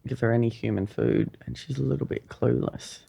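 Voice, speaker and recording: A woman's voice: extremely low pitch, a little fast, creaky, dark tone, husky. A woman comedian guesting on a podcast, speaking in a dry, understated way with hesitant fillers. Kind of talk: casual interview chat.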